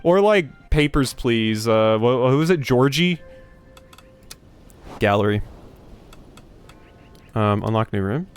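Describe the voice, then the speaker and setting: A man's voice: medium pitch, expressive, slow, long pauses, smooth. A man hosting a gaming channel, doing casual game commentary in a wry, joking way with many fillers.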